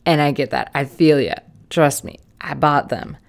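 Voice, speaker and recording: A young woman, a little hoarse, chatting casually and playfully with jokey asides while she draws. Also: low voice, fairly even intonation, normal speed. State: slightly hoarse. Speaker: art vlogger. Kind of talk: casual commentary while drawing.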